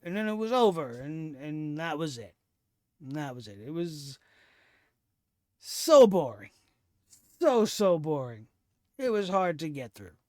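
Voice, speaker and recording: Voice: mid-range voice, animated, moderate pace, dry recording, studio quality. A wrestling show reviewer ranting in a sarcastic, profane way about the latest episode. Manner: profane, sarcastic, heated rant.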